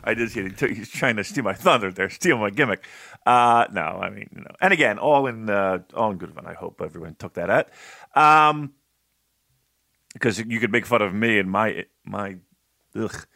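A man from North America co-hosts a casual podcast, just woken up. His pitch swings widely as he rambles and restarts his sentences, and the recording is dry and close. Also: normal speed, vocal fry, no room sound. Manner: animated, rambling, many restarts. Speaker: podcast co-host. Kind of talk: casual chat.

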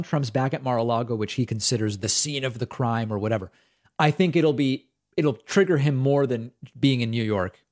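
A man hosting a political talk show, giving opinionated commentary in a sarcastic, conversational way with loose asides. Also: medium pitch.

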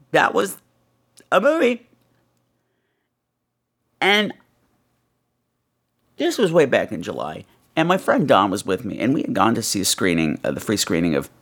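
With a mid-range, slightly bright voice, a podcast host rants casually about a film, bluntly and with profanity. They act out scenes using exaggerated voices.

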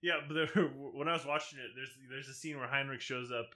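A man's voice: medium pitch, fairly even intonation, fairly quick, bright, forceful tone. A man co-hosting a podcast in casual chat, laughing often and making dry quips. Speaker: podcast co-host.

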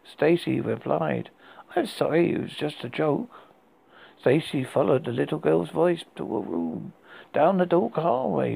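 Gravelly UK man narrating horror stories, halting, lively pitch. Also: poor audio. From United Kingdom. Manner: halting, with frequent restarts. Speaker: horror podcast host. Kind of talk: storytelling narration.

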